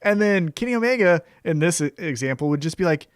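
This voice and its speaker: A man's voice: on the high side, expressive, fast talker, clean tone, dry recording, studio quality. A man hosting a wrestling podcast, upbeat and casual, walking through each segment of the show and sharing his take on it. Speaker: podcast host.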